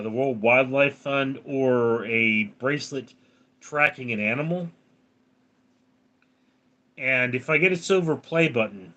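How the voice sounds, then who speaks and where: A man's voice: mid-range voice, sharp tone. A man with a round, resonant voice, chatting casually on a live stream as he reads viewer comments aloud and answers them.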